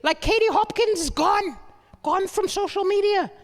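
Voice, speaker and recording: A man from southern Africa doing a stand-up comedy set on a live stage, telling stories in an animated way, restarting with stammers and tossing in "right?" asides. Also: extremely high pitch, moderate pace, long reverb tail.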